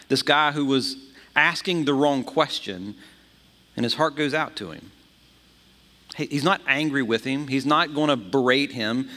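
A male pastor preaching a sermon in an animated way, often repeating a word as he starts a phrase. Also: mid-range voice. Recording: long hall reverb.

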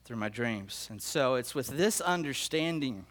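An earnest middle-aged man preaching to his congregation, his voice sitting at an ordinary middle pitch. He tells his dreams with feeling, stopping to restart and repeat phrases as the emotion catches him. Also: animated, a little slow, a bit bright. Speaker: pastor. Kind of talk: sermon sharing prophetic dreams.

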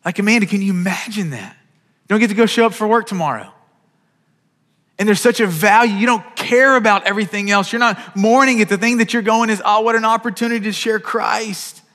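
A man's voice: sits high, fairly quick, a bit bright, big-room sound. A man preaching a sermon as pastor, earnest and urgent, often repeating words as he starts a phrase.

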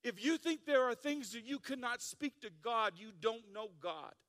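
High-voiced joking male preacher. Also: moderate pace, big-room sound. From South Dakota. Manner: animated, joking, acts out listeners' voices. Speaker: pastor. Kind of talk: sermon.

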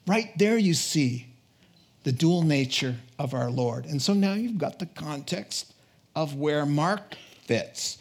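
Emphatic, husky-voiced male preacher. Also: high voice, unhurried. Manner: animated, emphatic, repeats phrases for effect. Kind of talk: sermon.

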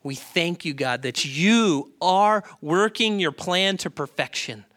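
A male pastor delivering an animated sermon, his voice bright and a little high. He keeps asking the congregation questions to pull them in. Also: takes it slowly.

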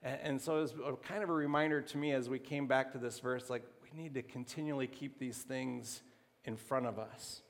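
A man preaching a sermon to his congregation as pastor, talking in a conversational, halting way with restarts. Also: mid-range voice, fairly even intonation, creaky. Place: church sanctuary. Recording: long hall reverb.

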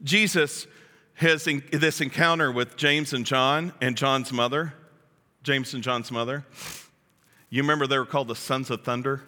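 A male pastor preaching a sermon in a joking, animated way, acting out the quotes he reads. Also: medium pitch, normal speed, in a large hall. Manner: jokey, animated, acts out quotes.

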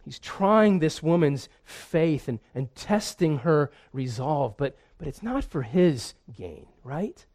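A man's voice: a little high, sing-song, slow pace, few pauses, darkish tone. A man preaching a sermon in an earnest way, often repeating a word as he restarts. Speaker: pastor.

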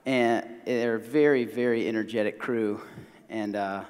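A hoarse man in his thirties with a Southern American accent, preaching a sermon in a conversational, self-deprecating way. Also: lowish voice, steady tone, a little slow, darkish tone, big-room sound. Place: church sanctuary.

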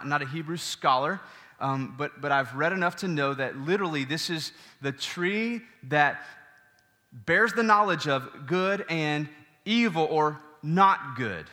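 Pastor guy preaching, kinda high bright voice, lots of questions to the crowd, big echoey hall. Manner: animated, asks the congregation questions. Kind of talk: sermon.

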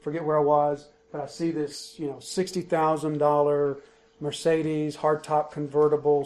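Emphatic preacher man, higher voice. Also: darkish tone. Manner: emphatic, repeats key points. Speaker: pastor. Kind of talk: expository sermon.

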